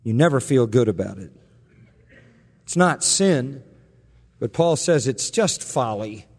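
A man's voice: mid-range voice, lively intonation, takes it slowly, darkish tone, husky, in a large hall. A man preaching an expository sermon, emphatic and sarcastic, building in intensity as he drives his points home. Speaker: pastor.

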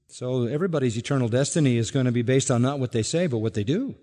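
A male pastor preaching a sermon emphatically, repeating key words and letting line ends fall soft and low. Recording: long reverb of a hall.

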